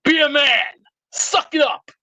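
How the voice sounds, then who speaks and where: A man's voice: very high-pitched, animated, measured pace, bright, forceful tone, poor audio. A man calling in to a sports talk show with a blustering, drill-sergeant style rant. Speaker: regular caller. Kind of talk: ranting call-in bit.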